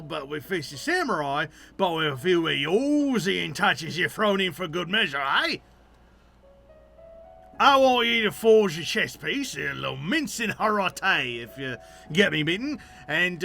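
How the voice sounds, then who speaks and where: A man doing a gruff hearty blacksmith. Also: sits high, bright, forceful tone, exaggerated voice. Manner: rough sailor-like speech, dropped words.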